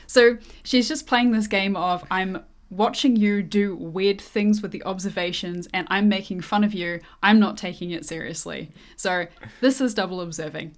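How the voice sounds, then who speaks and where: A woman co-hosting a personality class, explaining definitions step by step in a lesson style. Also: on the low side. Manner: methodical, lays out definitions step by step. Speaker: co-host teaching personality typing.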